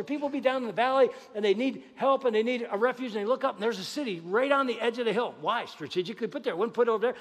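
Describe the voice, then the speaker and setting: A man preaching a sermon as pastor, animated, acting out conversations with God. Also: extremely high pitch, long reverb tail. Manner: animated, acts out dialogue with God. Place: church sanctuary.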